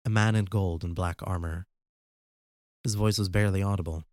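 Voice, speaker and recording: Male narrator, low voice, steady even reading, dry close recording. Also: normal speed, long pauses, no room sound. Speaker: audiobook narrator. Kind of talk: scripted narration.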